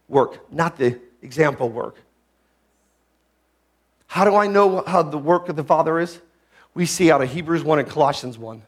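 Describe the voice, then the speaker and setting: A male pastor preaching a sermon, rising to shouted peaks and dropping to low, hushed teaching, with many rhetorical questions to the listeners. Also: breathy edge.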